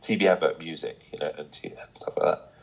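A young Englishman with a London accent chatting casually on a live stream, rambling and relaxed with many restarts. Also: extremely low pitch, quick pace, slightly rough, rough recording. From England, Sussex. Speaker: stream guest, musician. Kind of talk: casual chat.

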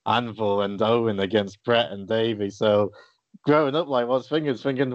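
A man's voice: medium pitch, steady tone, brisk, dry recording. A man hosting a casual interview in an easygoing way, with many fillers. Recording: dull dry lo-fi audio.

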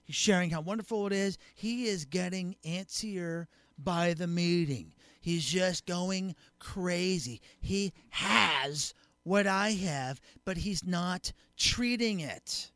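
A high-pitched man with a bright, ringing voice talks with animated, joking energy, slipping into quick character bits and raising his voice. The sound is dry and close. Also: no echo. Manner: animated, joking, acts out scenes in voices, gets loud. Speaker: guest co-host. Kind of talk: casual podcast chat.

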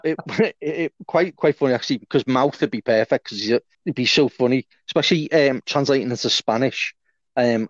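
A man's voice: medium pitch, no room sound. Jokey man, muffled mic. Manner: jokey, hesitant with fillers. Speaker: podcast co-host. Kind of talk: casual podcast chat. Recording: dull, slightly lo-fi dry sound.

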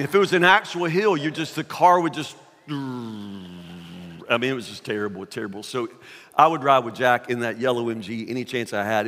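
A man's voice: medium pitch, a bit bright. An older man preaching a sermon, telling a humorous personal story in a chatty, self-deprecating way. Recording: echoey hall.

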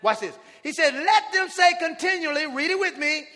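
Male preacher, high and forceful, shouting call-and-response lines, long reverb from the church hall. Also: animated, normal speed, few pauses. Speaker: pastor. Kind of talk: sermon. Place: church sanctuary with congregation.

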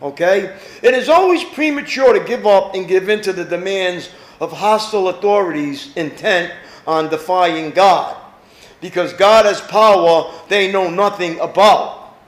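Pastor guy preaching, real high voice that jumps all over, echoey room. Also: measured pace. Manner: animated preaching, rhetorical questions to the congregation. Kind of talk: sermon.

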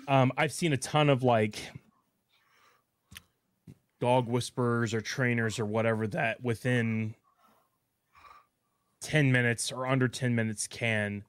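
A man's voice: mid-range voice, clean tone, no room sound, studio quality. A man hosting a podcast, asking long, loose questions full of fillers and restarts. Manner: asks long questions with fillers and self-corrections. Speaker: podcast host. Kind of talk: casual podcast chat.

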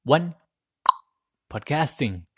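A man's voice: on the high side, sing-song, extremely slow, breathy edge, dry recording, studio quality. A man hosting a solo podcast, recorded on a USB mic plugged into his phone, rambling and repeating words as he searches for them. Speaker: podcast host.

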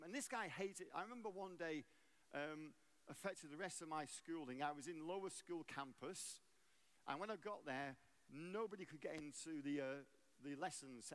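An English-raised man preaching as a guest speaker in a church. His voice sits a little high and he tells stories with a light, humorous touch. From England. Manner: storytelling, lively and humorous. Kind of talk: sermon.

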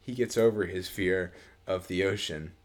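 A man with a low voice chatting loosely as a podcast co-host. He rambles, trips over his words and restarts often, keeping an easygoing conversational tone. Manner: rambling, halting with many restarts and fillers. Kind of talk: casual chat.

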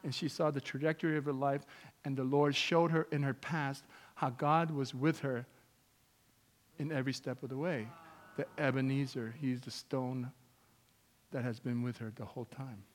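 A male pastor from Canada whose first language is not English, preaching a sermon with personal testimony. He swings between loud exclamations and hushed storytelling. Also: medium pitch, steady tone, normal speed, long reverb tail.

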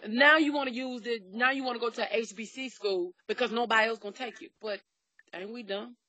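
A woman's voice: a little high, brisk, no echo. A middle-aged woman in casual chat, talking bluntly and telling stories with lots of profanity. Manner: blunt, profane, animated storytelling.

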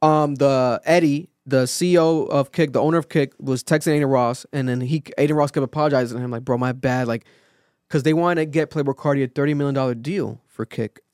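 A male podcast host in casual chat, telling a story with lively acted-out quotes and plenty of swearing. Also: mid-range voice, a little fast, clear, resonant tone, no echo, studio quality. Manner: animated storytelling, acts out quotes, swears freely.

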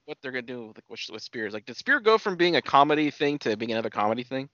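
A man's voice: medium pitch, sing-song, fast, bright, forceful tone, no echo. A man co-hosting a casual podcast, laid-back and swearing as he chats. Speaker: podcast co-host. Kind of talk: casual wrestling chat. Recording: dull, lo-fi dry sound.

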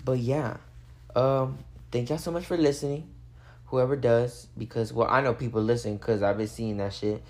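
An eighteen-year-old host rambles through a late-night solo podcast rant recorded on a phone. The talk is loose and profane, packed with "like" fillers, and comes from someone who is a little high. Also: steady tone, normal speed. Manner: rambling, profane, heavy use of "like".

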